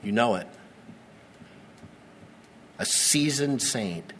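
A middle-aged male pastor preaching to his congregation, repeating key words and letting dramatic pauses hang. His voice rings out in the long reverb of a big church hall, with a faint room hum underneath. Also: mid-range voice, expressive, fairly bright tone. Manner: earnest preaching with dramatic slow pauses and repetition. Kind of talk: sermon. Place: church sanctuary.

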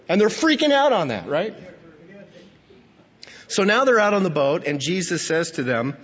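A man's voice: sits high, expressive, normal speed, fairly bright tone, husky, big-room sound, highs cut off. A male pastor preaching earnestly and emphatically, reading scripture and asking rhetorical questions.

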